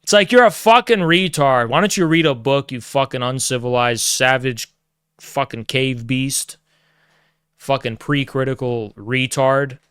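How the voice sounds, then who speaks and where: A man's voice: unhurried, a bit bright, smooth, no echo, clean studio sound. A man ranting casually and sarcastically, profane and mocking. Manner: sarcastic, mocking, slips into high put-on voices. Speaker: political streamer.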